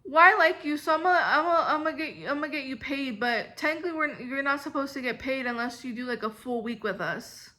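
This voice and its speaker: A woman's voice: high voice, quick pace, hardly any pauses, pushed and bright. A young woman voicing her chirpy, patronizing female store manager in a storytime vlog.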